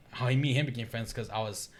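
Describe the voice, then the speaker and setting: A man's voice: mid-range voice, a little fast. A man in his thirties, a podcast guest, telling casual stories with lots of swearing and laughter and acting out what people said. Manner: animated, acts out quoted dialogue, swears and laughs often. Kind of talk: casual chat, storytelling.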